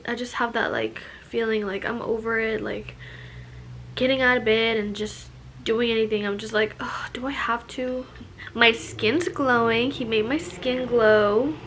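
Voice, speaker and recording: A woman's voice: a little high, measured pace, a bit bright, a little hiss or hum. A young woman chatting casually in a vlog, filling her talk with "like" and "you know", a little out of breath. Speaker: vlogger. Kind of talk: casual pregnancy update vlog.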